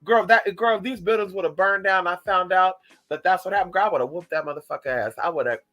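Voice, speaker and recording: A man spins a story for his viewers in a loose, casual vlog. He talks with animated, profane flair and a bright, forceful voice. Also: high-pitched, fast, low-quality recording.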